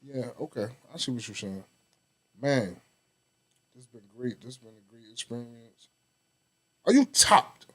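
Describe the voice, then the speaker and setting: A man's voice: mid-range voice, measured pace, long pauses. A man hosting a podcast, talking loosely and jokingly. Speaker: podcast host. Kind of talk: casual chat.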